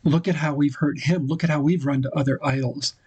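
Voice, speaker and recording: A man hosting a devotional talk for husbands, speaking earnestly and quoting scripture, with pauses and restarts. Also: on the high side, fairly even intonation, a little mellow, husky, dry recording, low-quality recording. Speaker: host giving marriage advice to husbands.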